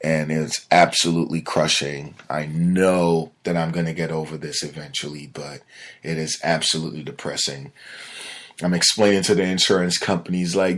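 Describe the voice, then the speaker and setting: On a casual solo podcast, a man with a deep, slightly husky voice talks through his week at a normal speed. He tells stories with lots of energy but drops into a low mutter when something bothers him, keeping things loose and conversational, as if chatting with friends.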